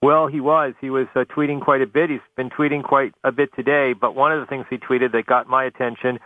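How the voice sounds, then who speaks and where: A male White House correspondent reporting live by phone to a talk radio host, measured and thorough, with many uhs. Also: mid-range voice, little pitch movement, dry recording. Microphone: telephone. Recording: phone line.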